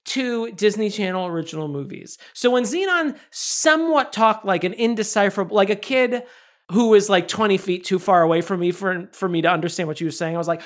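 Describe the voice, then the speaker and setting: Sarcastic woman podcaster, animated. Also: mid-range voice, fairly quick. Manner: animated, sarcastic, swings into exaggerated mocking quotes. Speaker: podcast co-host. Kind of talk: casual movie review chat.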